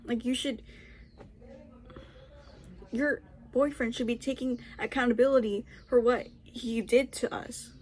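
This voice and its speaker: A woman's voice: on the high side, steady tone, a little slow, pauses often, a little mellow. A young woman vlogger telling a story in a casual, rambling way, full of restarts and fillers.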